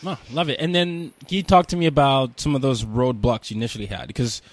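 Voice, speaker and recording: A man hosting an interview, asking rambling, halting questions full of fillers. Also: mid-range voice, steady tone, no room sound. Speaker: interview host. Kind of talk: podcast interview.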